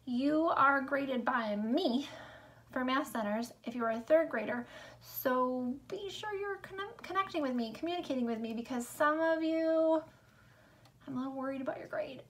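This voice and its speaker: A woman teaching a remote lesson to young children, upbeat and sing-song, speaking slowly and clearly. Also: high voice, fairly bright tone. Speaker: elementary school teacher.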